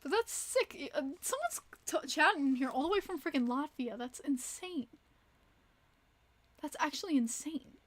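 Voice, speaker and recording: A woman hosting a casual livestream, chatting and reacting to viewer messages with quick exclamations. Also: high-pitched, lively intonation. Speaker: livestream host.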